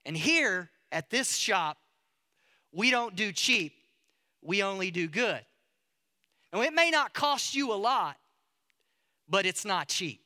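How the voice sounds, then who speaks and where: A man voicing a gruff old male car painter from the American South, with a slow, firm, fatherly way of talking and a Southern US accent. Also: fairly high pitch, bright, forceful tone.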